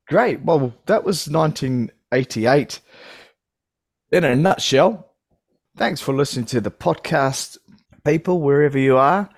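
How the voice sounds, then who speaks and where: A man hosting a casual podcast chat, his pitch bouncing in a lively way as he laughs and restarts his sentences. The sound is dry and close. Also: measured pace, dry recording. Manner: chatty, laughs often, restarts. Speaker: podcast host.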